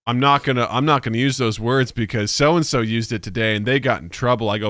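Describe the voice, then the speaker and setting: Animated bright-voiced podcast host. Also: male voice, medium pitch, fast, dry recording, clean studio sound. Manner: animated storyteller, acts out family voices, swears freely. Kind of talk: casual chat.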